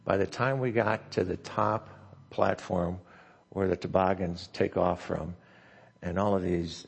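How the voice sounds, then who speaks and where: A man's voice: low voice, creaky, slightly rough. An older man preaching a sermon as the pastor, telling a family story with many fillers and restarts. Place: church sanctuary. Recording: long church hall reverb.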